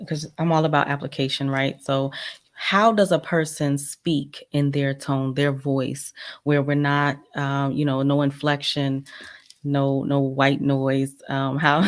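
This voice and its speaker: An interview host asks a practical question. The delivery is slow and flat, and the host murmurs agreement between the guest's points. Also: medium pitch. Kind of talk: interview hosting.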